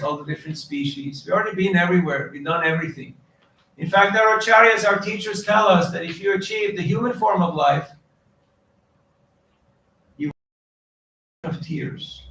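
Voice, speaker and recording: A man's voice: on the high side, creaky, fairly bright tone. A man giving a devotional lecture who quotes Sanskrit verses and keeps putting questions to his audience. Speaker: preacher. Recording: echoey hall, distant mic, faint noise.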